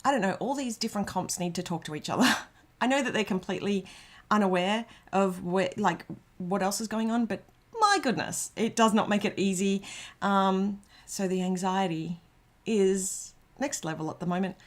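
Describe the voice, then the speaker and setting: A mid-range Australian female voice at normal speed hosts a relaxed livestream. She rambles, reads viewer comments aloud, and peppers her talk with ums and restarts.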